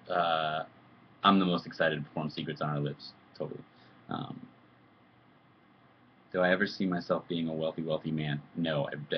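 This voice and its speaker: A man's voice: very deep voice, lo-fi sound, a little hiss or hum. A man chatting casually on a live video stream, answering fan questions in a loose, joking, rambling way. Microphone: computer webcam mic.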